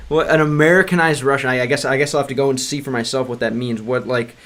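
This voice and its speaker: A man's voice: mid-range voice, quick pace, a bit bright. Casual man chatting on a livestream. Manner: rambling with many restarts and fillers; clumsy Russian read aloud in a learner's voice. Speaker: streamer learning Russian. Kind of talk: casual livestream chat reading comments.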